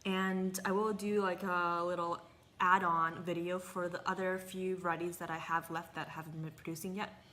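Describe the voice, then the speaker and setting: In her casual tomato-tasting vlog, a gardening woman talks at normal speed in a lowish, bright voice with a forceful tone but flat delivery. She's chatty yet hesitant and talks while eating at times.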